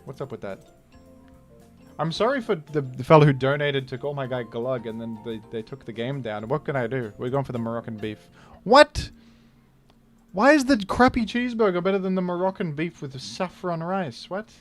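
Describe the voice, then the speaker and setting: Aussie guy streaming a game, rambling and joking, yelps when surprised, mid-pitched, light music behind. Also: fairly quick. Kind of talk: casual live-stream commentary.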